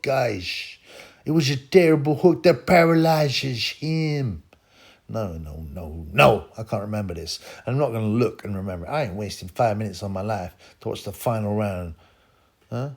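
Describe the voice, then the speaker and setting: A man's voice: medium pitch, vocal fry. A man hosting a boxing channel, ranting alone in a scornful, mocking way, with rambling asides and bursts of laughter. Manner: frequent laughs and "you know" asides. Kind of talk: ranting solo commentary.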